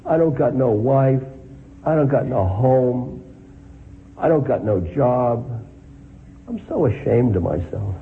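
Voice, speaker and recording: A man voicing a big, rough laborer who speaks slowly and brokenly, full of shame. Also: mid-range voice, lively intonation. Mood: despairing. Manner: slow, broken, ashamed speech. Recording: phone-like line with faint noise.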